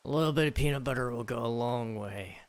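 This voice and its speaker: A man's voice: medium pitch, fast talker. A man casually chatting with his viewers on a live stream, rambling and joking with lots of fillers. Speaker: streamer reading chat.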